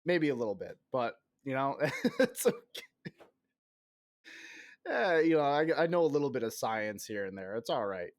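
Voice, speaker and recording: A man's voice: mid-range voice, lively intonation, fairly quick, few pauses, no room sound. A man in his thirties chatting casually on a game stream. He rambles, mocks himself and swears, and still coughs now and then while getting over an illness. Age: 30s. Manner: rambling, self-mocking, profane.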